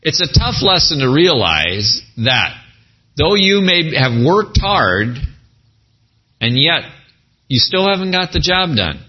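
A man preaching a sermon as a pastor, animated, with folksy asides. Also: fairly high pitch, slow, muffled recording.

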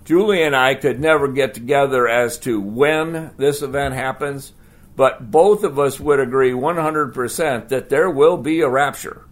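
A man preaching a sermon as pastor, conversational and animated, asking the congregation rhetorical questions. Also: mid-range voice, a little slow.

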